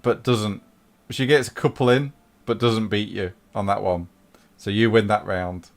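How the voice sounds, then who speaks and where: A man's voice: fairly low pitch, steady tone, a little slow. A man as game master, narrating a tabletop role-playing game in an easygoing, chatty way.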